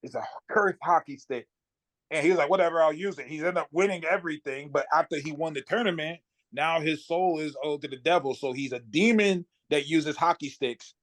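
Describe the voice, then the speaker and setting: A man, a guest comic writer, chatting casually on a podcast and telling animated stories, laughing often. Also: on the high side, normal speed.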